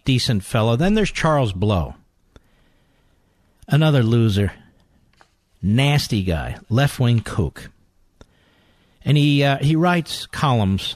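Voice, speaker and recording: A man hosting a talk radio show, delivering a combative monologue full of sarcastic insults, growing loud and heated. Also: mid-range voice, sing-song, takes it slowly, pauses often, no room sound. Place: radio studio. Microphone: studio microphone.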